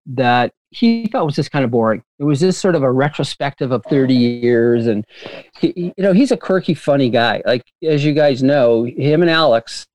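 A man telling stories as a guest in an interview, rambling and animated with frequent laughter and restarts. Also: mid-range voice, moderate pace, no echo. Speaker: filmmaker guest. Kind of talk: casual interview storytelling.

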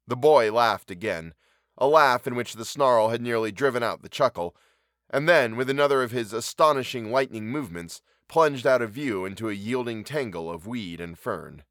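A man reading a classic short story aloud, measured and wry. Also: mid-range voice, lively intonation, a bit bright, no echo, studio quality. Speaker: narrator.

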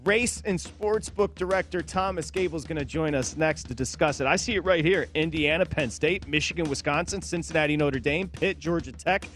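A man hosting a sports betting talk show, upbeat, bantering quickly with his co-hosts. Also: fairly high pitch, fairly bright tone, soft background music.

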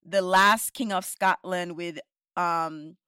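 Lady podcast host, low-ish voice, dry sound, keeps saying right?. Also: takes it slowly, clean tone, no echo. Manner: animated, opinionated, frequent "right?" tags. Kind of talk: casual discussion.

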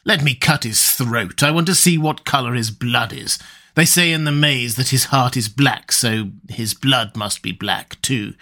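A man voicing a blunt barbarian warrior, speaking gruffly and slowly, a bit lower than his narration. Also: pushed and bright. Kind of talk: audiobook character reading.

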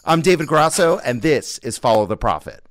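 A man's voice: medium pitch, big pitch swings, normal speed, loud music behind the voice. A man hosting a podcast, reading a scripted opening in a conversational way with playful asides. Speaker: podcast host.

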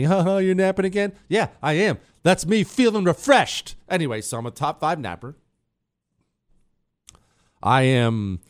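Into a studio mic with no room sound, a medium-pitched man brags for laughs on his radio show. He pokes fun at himself and needles the producer sitting off-mic.

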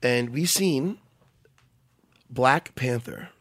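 A podcast co-host chatting casually about sports, excitable and prone to getting loud when hyped, often breaking in with "listen.". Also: male voice, medium pitch, very slow, no echo. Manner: repeats "listen" to take the floor.

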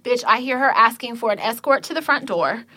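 Bright, animated, foul-mouthed Californian woman. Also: brisk. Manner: animated, swears constantly, acts out quotes with big pitch jumps. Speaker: podcast co-host telling a story. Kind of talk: casual storytelling chat, profane.

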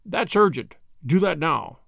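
Hoarse weak mutter, injured scheming detective, read by a man, dry close voice. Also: fairly high pitch, expressive, unhurried, fairly bright tone, no room sound, full character voice. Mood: weak, wry. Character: injured, weakened male detective, calm and scheming.

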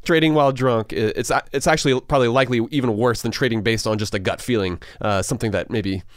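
A man's voice: medium pitch, fast, no room sound, clean studio sound. A man co-hosting a personal finance podcast, chatting casually and explaining news stories with a joking manner. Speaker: podcast co-host. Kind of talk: casual chat.

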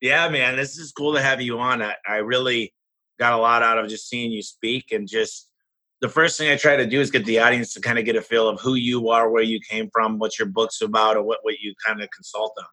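Male podcast host, mid-pitched, very bright and forward tone, dry close mic, easygoing. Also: fairly even intonation, fairly quick, no echo, low-quality recording. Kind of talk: casual interview.

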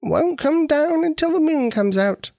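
A man putting on a sweet old storybook granny, folksy drawl, high lively voice, dry sound. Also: measured pace, dry recording, full character voice. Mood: amused. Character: sweet older neighbourhood grandmother, easygoing.

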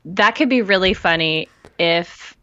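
A woman podcast guest who is getting over a cold, frank and joking, swearing easily in relaxed chat. Her voice sits a little low and sounds close and dry, with a dull, lo-fi tone. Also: measured pace, no echo.

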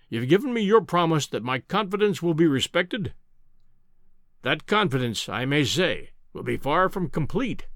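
A man voicing a pompous, booming older professor who lectures in a condescending, imperious way in an audiobook reading. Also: dry recording, clean studio sound.

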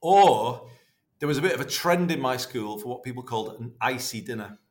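A man, chatting warmly and rambling as a podcast guest, full of restarts. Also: mid-range voice, animated, fairly quick. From North West England. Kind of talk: casual interview reminiscing.

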